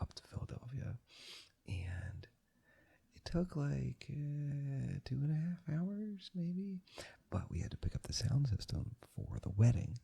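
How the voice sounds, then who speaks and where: A young man rambling softly in a whispered ASMR video, meandering and correcting himself, recorded on two microphones panned ear to ear. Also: medium pitch, gravelly, slightly rough. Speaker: ASMR channel host. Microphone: two microphones in stereo, ear to ear.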